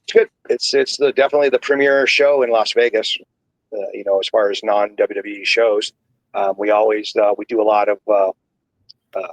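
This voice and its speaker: A man's voice: lowish voice, dry recording, rough recording. Rambling middle-aged man telling a story. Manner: rambling, many fillers and restarts. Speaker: podcast guest, wrestler and coach. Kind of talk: casual storytelling.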